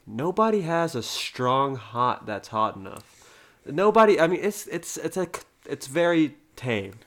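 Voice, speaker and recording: A man's voice: fairly high pitch, sing-song, unhurried, a bit bright. Boisterous man bragging to friends. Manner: boisterous, defensive, brags and challenges. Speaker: podcast guest. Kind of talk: casual chat.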